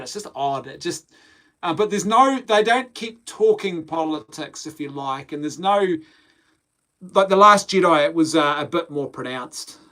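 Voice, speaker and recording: A man's voice: fairly high pitch, a bit bright. A man hosting a casual live podcast, reading viewer comments aloud, rambling and laughing often. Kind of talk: casual live-stream chat.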